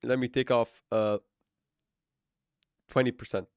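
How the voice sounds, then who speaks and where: A man's voice: medium pitch, flat delivery, a little slow, no echo, studio quality. A man livestreaming his crypto trades, rambling and correcting himself, with playful sarcasm and frequent laughs. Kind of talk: live trading stream chat.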